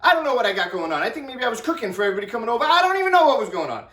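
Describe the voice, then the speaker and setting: Excitable high-voiced man telling stories. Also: rapid-fire. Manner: excitable, repeats himself, acts out quotes. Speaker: vlogger. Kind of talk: animated storytelling vlog. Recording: echoey room, distant from mic.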